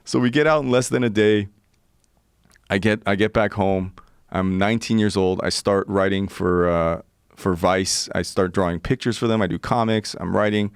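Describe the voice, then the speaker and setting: A man in his forties telling a story in casual chat, animated and laughing often as he acts out the people in it. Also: lowish voice, moderate pace, smooth, no echo, clean studio sound. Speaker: podcast guest.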